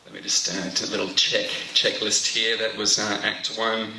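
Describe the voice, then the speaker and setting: Bright-voiced man doing stand-up. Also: lowish voice, flat delivery, normal speed, creaky. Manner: chatty, self-mocking, stumbles over words. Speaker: stand-up comedian. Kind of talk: stand-up routine. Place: comedy stage before a live audience. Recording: roomy live venue sound, faint noise.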